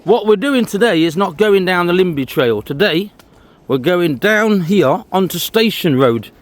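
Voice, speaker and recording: Walking along a disused railway trail, a male vlogger chats to camera about the sights he passes. His voice sits high with lively intonation, and he doesn't hurry.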